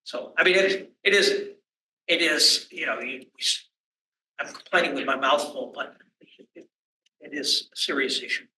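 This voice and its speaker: A man speaking on a conference panel, talking in halting phrases with many restarts. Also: fairly high pitch, bright, forceful tone, a little hiss or hum. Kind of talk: panel discussion. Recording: echoey room from a distance.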